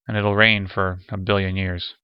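A man voicing an excitable idealistic man who pleads against violence, rising high when upset. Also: normal speed, clear, resonant tone, no echo, highs cut off, natural voice. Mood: musing. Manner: pleading, stammering when agitated.

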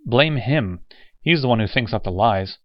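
A man voicing a calm, weary male driver who explains things mildly in an audiobook. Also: mid-range voice, moderate pace, dry recording, lo-fi sound, close to an everyday voice. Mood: earnest. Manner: mild, explaining.

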